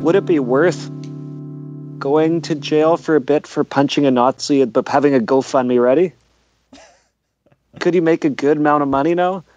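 A man's voice: fairly high pitch, normal speed, long pauses, darkish tone, lo-fi sound, soft background music. A man co-hosting a podcast in casual chat, thinking aloud and restarting his sentences. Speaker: podcast co-host.

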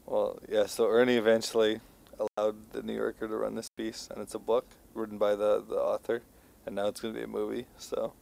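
A man's voice: on the low side, monotone, brisk, gravelly, darkish tone. A man co-hosting a podcast, telling stories in a laid-back, chuckling way. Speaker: podcast co-host. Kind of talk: casual chat.

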